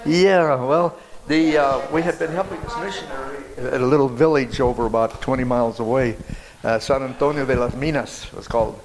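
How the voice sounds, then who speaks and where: An older man, a missionary pastor, telling a testimony story in a rambling, halting way with many restarts. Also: medium pitch, fairly even intonation, crowd noise, poor audio.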